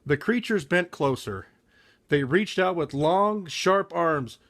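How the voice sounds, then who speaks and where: A man's voice: a little high, lively intonation, slow, fairly bright tone. A man reading a children's picture book aloud with frequent slips and self-corrections.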